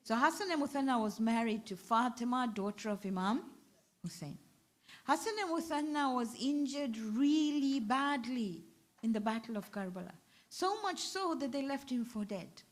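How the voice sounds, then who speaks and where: A woman with a British accent delivers a majlis sermon in a fairly high voice. She tells the story with feeling and acts out each quoted line of dialogue. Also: lively intonation, moderate pace. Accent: British English. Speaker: zakira. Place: ladies' majlis hall.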